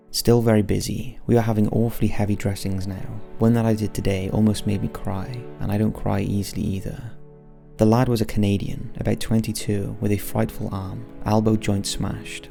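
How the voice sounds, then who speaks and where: A man giving solemn scripted narration of wartime letters, slow and grave in manner, with soft music underneath. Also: fairly low pitch, creaky. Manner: slow, grave, measured delivery.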